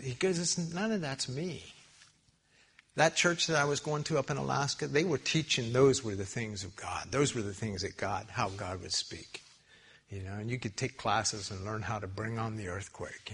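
A man preaching a sermon in church, telling stories with animated, loud peaks and quiet asides. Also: medium pitch, breathy edge. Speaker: pastor.

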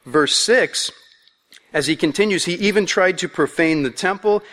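A man's voice: high voice, normal speed, fairly bright tone. A man preaching a sermon in a conversational, playful way, acting out voices as he goes. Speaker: pastor. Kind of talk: expository sermon. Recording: long hall reverb.

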